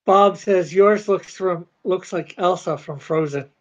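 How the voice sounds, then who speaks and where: A slow-talking host of a comics livestream, chatting loosely while drawing at a mid-height pitch. The manner is relaxed and joking, with thoughts left trailing. The audio is dull and lo-fi, like a home stream. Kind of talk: casual chat while drawing.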